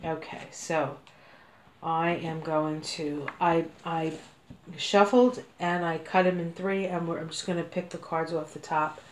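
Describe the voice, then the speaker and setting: A woman's voice: sits low, fairly even intonation, a little slow, slight background noise. Chatty woman reading cards in an echoey room. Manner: chatty, meandering, with frequent fillers and laughs. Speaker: card reader. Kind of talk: casual tarot-style card reading. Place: home room.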